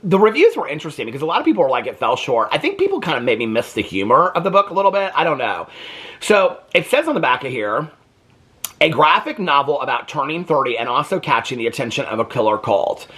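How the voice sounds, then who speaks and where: Man, book vlog, casual, lively swinging pitch, husky, laughing, filler-heavy. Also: quick pace. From United States. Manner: animated, laughing, lots of "like" fillers. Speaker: book reviewer.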